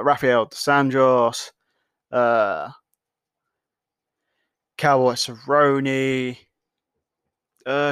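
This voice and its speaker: A man's voice: medium pitch, clean tone, no echo. A young man hosting a podcast, talking loosely and swearing a lot, often restarting his sentences. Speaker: podcast host. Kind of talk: casual solo commentary.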